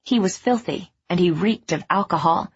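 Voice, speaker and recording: A woman reading a novel aloud in scripted narration, measured and even. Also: fairly low pitch, creaky, husky, highs cut off. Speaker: audiobook narrator.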